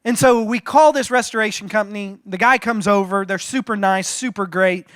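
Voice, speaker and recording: Pastor guy with a high voice, joking around in his sermon, lots of restarts, dry sound. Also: moderate pace, hardly any pauses, smooth, dry recording. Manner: animated, joking, frequent restarts. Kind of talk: sermon storytelling.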